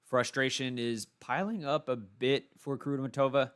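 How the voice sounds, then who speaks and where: Texan guy calling tennis live, calm play by play, regular mid voice, short asides. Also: mid-range voice, normal speed, clear, resonant tone. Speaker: tennis commentator. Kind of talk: live solo watchalong commentary.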